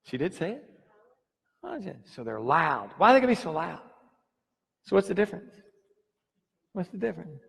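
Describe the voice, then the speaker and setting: A man's voice: high voice, sing-song, moderate pace, vocal fry, pauses often, a bit bright, slightly rough. A man preaching a sermon on stage, playful and chatting directly with his congregation. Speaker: pastor. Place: church hall with congregation. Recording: long reverb of a church hall.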